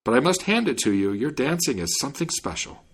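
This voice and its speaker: A brash young servant with a mischievous, mocking way of talking, as a male storyteller plays him. His voice is lively and a little husky. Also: mid-range voice, a little fast.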